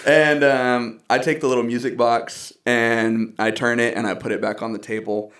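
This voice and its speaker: A man's voice: medium pitch, flat delivery, normal speed, hardly any pauses, fairly bright tone. A young man from the Dallas area, a guest musician in a casual podcast conversation, telling personal stories earnestly with quoted asides and laughs.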